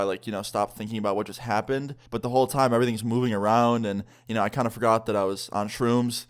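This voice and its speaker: Young male vlogger, casual storyteller, animated and rambling, mid-range pitch. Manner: animated, rambling, heavy use of "like".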